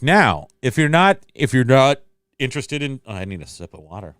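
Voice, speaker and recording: A man's voice: medium pitch, sing-song, normal speed, fairly bright tone, clear, resonant tone, no echo, clean studio sound. A man hosting a livestream in a casual, rambling chat, reading out and answering viewer comments. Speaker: livestream host.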